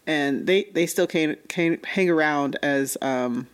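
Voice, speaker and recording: Animated woman chatting about manga. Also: sits low, slow pace, clear, resonant tone. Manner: animated, laughs often, acts out quotes. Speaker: podcast co-host. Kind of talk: casual chat about manga.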